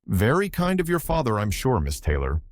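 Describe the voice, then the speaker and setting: A man's voice: medium pitch, wildly swooping pitch, normal speed, no room sound, pitched above the performer's own voice. A man reading an audiobook, voicing a wry, easygoing young tour guide with a dry, cheerful manner.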